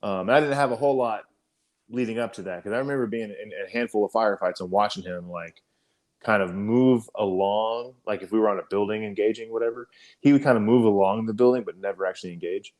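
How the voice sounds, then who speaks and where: A man's voice: fairly low pitch, quick pace, darkish tone. A man on a podcast telling an army story in a casual, profane way, full of fillers and restarts. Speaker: podcast co-host, army veteran.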